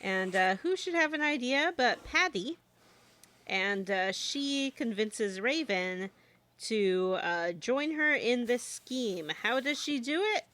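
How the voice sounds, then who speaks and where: A woman's voice: on the high side, lively intonation, takes it slowly, fairly bright tone, dry recording. A woman co-hosting a podcast, recapping a video game story in a playful way with plenty of hesitant fillers. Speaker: podcast co-host.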